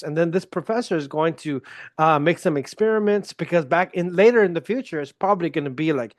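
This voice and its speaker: A man's voice: a little high, animated, brisk, no echo. A man hosting a solo podcast in a casual, self-deprecating, joking manner. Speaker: podcast host.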